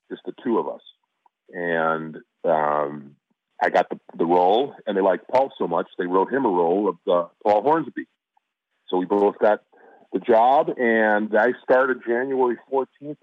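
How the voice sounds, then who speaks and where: Brief: middle-aged man, low voice, phone-like line. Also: normal speed, no room sound. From Chicago, USA. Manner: relaxed storytelling with restarts. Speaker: actor guest. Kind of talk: casual interview chat.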